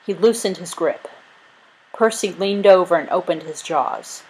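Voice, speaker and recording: A woman reading a chapter book aloud as narrator, in a clear, lively way. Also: lowish voice, unhurried, low-quality recording. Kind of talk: storybook read-aloud.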